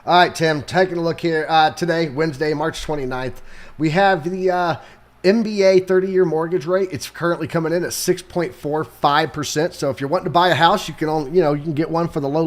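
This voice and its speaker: A man's voice: on the high side, brisk. A young adult man, co-host on a live market stream, running through the economic calendar in a loose, casual way with sarcastic jokes and plenty of fillers. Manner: loose and joking, sarcastic asides, many fillers.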